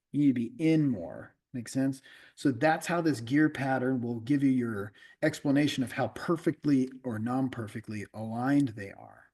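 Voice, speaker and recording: A man's voice: mid-range voice, a little mellow, breathy edge. A middle-aged man, an automotive instructor, lecturing a class in a casual, conversational way, often repeating himself and checking in with the students.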